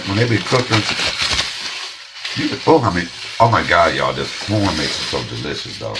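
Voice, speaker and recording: A man's voice: sits low, heavy background noise. A man hosting a home cooking show, chatting bluntly and straight to viewers as he tastes his food. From Detroit, USA. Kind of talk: casual cooking vlog with tasting.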